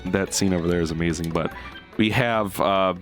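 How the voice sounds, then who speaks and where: A man's voice: deep voice, fairly even intonation, normal speed. A young man casually commentating his gameplay, rambling and explaining game details. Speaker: let's play host. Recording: faint game music behind.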